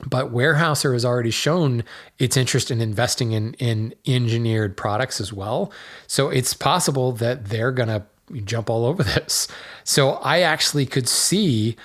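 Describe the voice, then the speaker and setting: Working at a hardwood dealer, a man hosts a casual solo podcast, talking loosely with lots of fillers and restarts. His mid-range voice is fairly bright and moves at normal speed.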